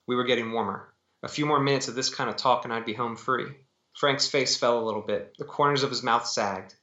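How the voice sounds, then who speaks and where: A man, an author, reading his own novel aloud in steady, dramatic first-person narration over a video call. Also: mid-range voice, a little fast. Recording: dull echoey call audio.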